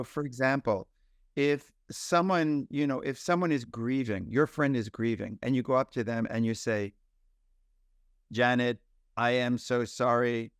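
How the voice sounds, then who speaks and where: A man who is a pediatrician, a guest on a podcast interview, explaining ideas in an animated way with examples. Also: medium pitch, dry recording, clean studio sound.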